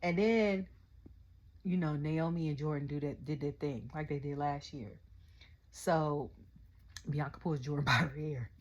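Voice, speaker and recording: A young adult woman, ranting casually about a wrestling event, telling it in animated quotes and often asking "okay?". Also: low voice, a little slow, long pauses, dull audio, slight background noise. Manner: animated storytelling, quotes her own reactions, frequent "okay?". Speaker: wrestling review vlogger. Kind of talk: casual rant.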